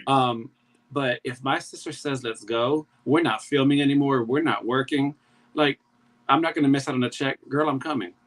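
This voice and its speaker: A man's voice: medium pitch, fairly even intonation, moderate pace, a bit bright. A man on a review panel, chatty and agreeable. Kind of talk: casual pop-culture review chat.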